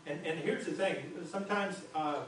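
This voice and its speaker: A man's voice: on the high side, normal speed, fairly bright tone. A male pastor preaching a sermon in a conversational way, often stumbling and repeating words as he restarts sentences. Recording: very echoey hall, distant mic, faint noise.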